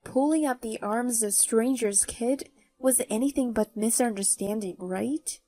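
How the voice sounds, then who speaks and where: A woman narrating her own story in the first person, with a mocking, even tone. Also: fairly high pitch, a little slow. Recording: faint background music.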